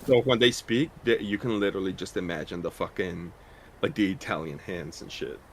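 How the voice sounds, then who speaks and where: Low-voiced man ranting bluntly. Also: a little fast, a little hiss or hum. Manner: blunt, profane ranting with restarts. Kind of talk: casual stream chat.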